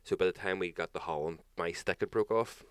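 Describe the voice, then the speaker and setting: A man's voice: sits low, fairly quick, smooth, no echo. A man co-hosting a talk show, telling stories in casual chat, swearing and laughing as he goes. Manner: swearing, laughing anecdotal storyteller.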